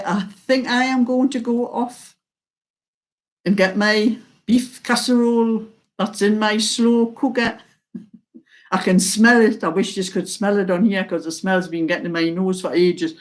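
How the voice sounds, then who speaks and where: An older woman with a mild Geordie accent, chatting slowly and casually to her viewers as host of a knitting channel, laughing often. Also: medium pitch, fairly even intonation. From North East England.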